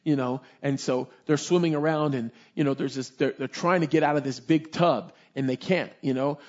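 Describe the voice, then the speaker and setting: A man's voice: on the high side, darkish tone, lo-fi sound. A man preaching a sermon as a pastor, emphatic and repetitive, with many "you know" fillers.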